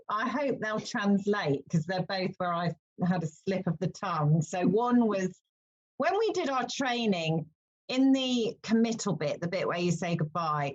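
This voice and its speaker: A woman funeral celebrant being interviewed, telling stories in a lively, animated way and laughing at herself. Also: on the low side, muffled recording. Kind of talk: conversational interview.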